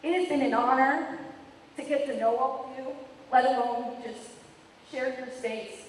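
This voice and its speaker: A woman's voice: high-pitched, fairly even intonation, unhurried, a little hiss or hum. A teenage girl, senior class president, giving a graduation speech, emotional and apologetic, laughing through tears. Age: teens. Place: large hall. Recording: echoey hall from far off.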